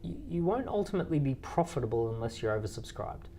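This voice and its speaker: A man's voice: on the high side, sing-song, fast, dark tone, slight background noise. A man in his thirties, an entrepreneur guest, answering interview questions in a loose storytelling way with many fillers and restarts. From Australia. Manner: storytelling with quoted dialogue, frequent fillers and restarts.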